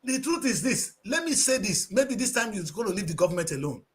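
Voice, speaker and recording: A man's voice: sits high, very animated, a little fast. A man with a Nigerian accent giving passionate, preachy talk-show commentary, slipping into Pidgin English.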